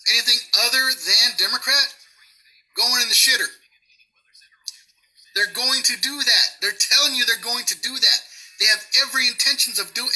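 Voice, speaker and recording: A man's voice: sits high, bright, forceful tone, poor audio. A man delivering an angry political rant outdoors, swearing heavily and repeating himself for emphasis. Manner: heavy swearing, emphatic and repetitive. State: pissed off. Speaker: vlogger. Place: outdoors near grass.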